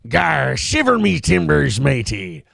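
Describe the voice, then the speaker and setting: A man's voice: fairly high pitch, wildly swooping pitch, takes it slowly, gravelly, fairly bright tone, no room sound, studio quality, heavily acted. A man putting on a salty pirate voice to mock a woman, growling pirate slang. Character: gruff pirate mocking a woman, salty sea-dog talk.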